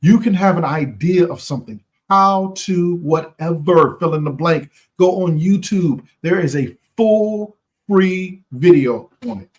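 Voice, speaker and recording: A man's voice: a little high, expressive, measured pace. A man hosting a live stream, giving an impassioned, preachy motivational talk in casual slang, repeating phrases for emphasis and talking straight to his viewers.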